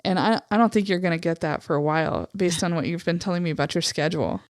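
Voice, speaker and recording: Woman cohost, 30s, lowish voice, friendly chatter w lots of likes, very dry sound. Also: expressive, quick pace, no echo. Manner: chatty and supportive, fillers like "like" and "um". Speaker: podcast co-host. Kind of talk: casual chat.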